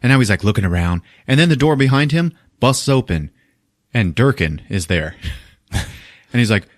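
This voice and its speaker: This podcast host has a medium-pitched male voice and talks at a normal speed, heard in studio quality with no echo. He recaps a film in casual chat, animatedly acting out its characters and swearing often.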